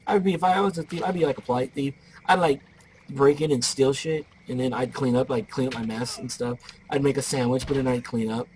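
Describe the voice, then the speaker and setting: A man's voice: mid-range voice, fairly even intonation, fairly quick, darkish tone, a little hiss or hum, low-quality recording. A man giving casual gameplay commentary, rambling off into joking stories as he plays.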